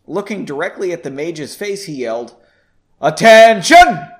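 A man's voice: fairly high pitch, expressive, fairly quick, a little mellow. Chatty man reading a story aloud. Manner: chatty and self-deprecating. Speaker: podcast host reading a novel aloud. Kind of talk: casual story reading with asides.

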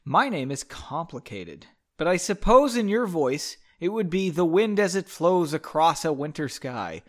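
A man's voice: fairly high pitch, sing-song, measured pace. A man voicing an airy, friendly, otherworldly woman spirit in a read-aloud story. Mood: gentle airy.

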